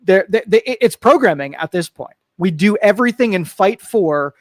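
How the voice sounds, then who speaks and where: High-voiced man ranting sarcastically. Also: expressive, moderate pace, no echo, studio quality. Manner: exasperated, sarcastic rants. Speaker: talk show co-host. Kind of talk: casual talk show discussion.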